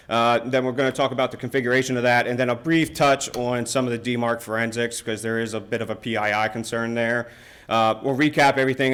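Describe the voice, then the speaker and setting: Casual man giving a conference talk. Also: medium pitch. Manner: casual, filler-heavy, many "uh" and "you know". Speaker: conference presenter on email security. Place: university lecture room.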